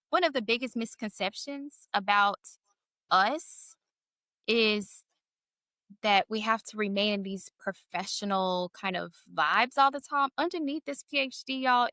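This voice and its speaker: A woman's voice: mid-range voice, pushed and bright, dry recording. A woman co-hosting a podcast in casual chat, candid and laughing often, cussing freely. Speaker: podcast co-host.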